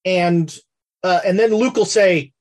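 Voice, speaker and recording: A woman running a tabletop game as game master, narrating in a loose, halting way. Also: fairly low pitch, darkish tone.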